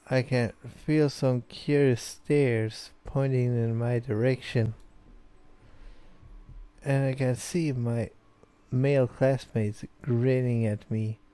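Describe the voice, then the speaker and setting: A young man, a Swedish gaming video host, is a bit tipsy from beer as he plays a visual novel and reads it aloud, rambling casually and filling his let's play commentary with fillers. His mid-range voice is warm and clean, with no room sound.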